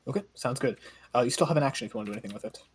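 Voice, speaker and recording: A man running a tabletop game as game master, briskly reading out rules, his voice starting to give out. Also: mid-range voice, a little hiss or hum. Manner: brisk, reads rules aloud. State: voice giving out.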